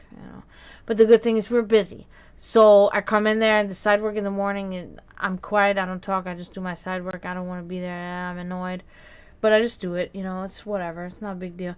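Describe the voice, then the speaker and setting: A woman's voice: lowish voice, clear, resonant tone. A woman telling casual stories on a stream in a loose, chatty way, swearing freely and laughing often. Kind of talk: casual storytelling chat.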